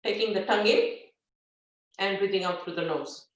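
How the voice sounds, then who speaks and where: A woman yoga teacher leads a breathing practice at an easy, instructive pace, checking in with a soft "yeah?" between steps. She stands back from the mic, and her voice rings through a very echoey room. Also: medium pitch, normal speed, far from the mic, muffled recording. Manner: gentle instructive, frequent "yeah?" check-ins and fillers. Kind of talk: live guided yoga class. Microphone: device set back from the speaker.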